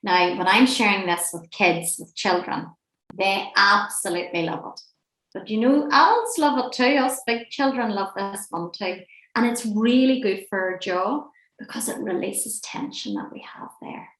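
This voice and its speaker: A woman leading a laughter and breathing class, gentle, playful and encouraging, speaking from a room on a video call. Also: mid-range voice, normal speed. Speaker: laughter and relaxation session leader. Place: indoor room at home, seated near a screen. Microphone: webcam or laptop mic on a video call. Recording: roomy echoey room sound.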